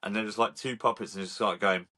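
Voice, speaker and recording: A man's voice: fairly low pitch, steady tone, quick pace, pushed and bright. A man in a casual movie podcast chat, enthusiastically retelling comedy bits with jokes. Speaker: podcast co-host.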